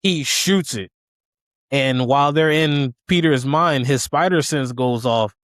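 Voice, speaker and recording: A man recaps a movie plot on a podcast in a relaxed, casual way. His voice is smooth and clear, recorded close and dry, and he animatedly acts out what the characters say as he goes. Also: mid-range voice, measured pace, dry recording. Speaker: podcast co-host.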